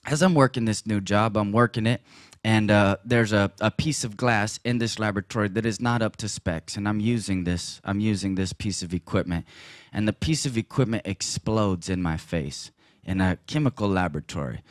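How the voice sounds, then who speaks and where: A man giving a personal testimony at a church gathering, telling the story with laughs and sudden loud bursts. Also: on the low side, moderate pace, no room sound, studio quality.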